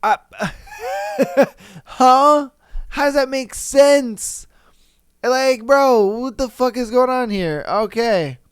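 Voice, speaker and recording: A man's voice: very high-pitched, very slow, clear, resonant tone, dry recording, clean studio sound. A man hosting a podcast, reacting to reader stories in casual, slangy commentary with frequent laughter and disbelief. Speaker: podcast host.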